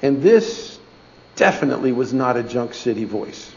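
Middle-aged man, gravelly voice, folksy church testimony, dull lo-fi recording. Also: mid-range voice, lively intonation, normal speed. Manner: folksy, conversational, asks "okay?" often. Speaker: speaker giving a testimony in church. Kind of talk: storytelling sermon.

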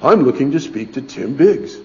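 A man voicing a friendly, pleasant-sounding caller on the phone, calm and inviting. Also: mid-range voice, moderate pace. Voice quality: pleasant, warm-toned. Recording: dull lo-fi recording.

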